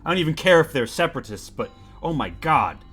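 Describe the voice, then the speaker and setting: A man voicing an injured woman survivor who panics, swears and yells. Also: fairly high pitch, big pitch swings, fast talker, breathy edge, soft background music, pitched above the performer's own voice, exaggerated voice. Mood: ranting.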